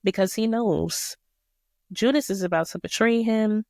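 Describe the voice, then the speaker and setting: A woman's voice: mid-range voice, a little slow, darkish tone, dry recording, studio quality. A woman hosting a podcast, walking listeners through a Bible passage in a casual, slangy, emphatic way. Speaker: podcast host. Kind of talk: casual Bible study talk.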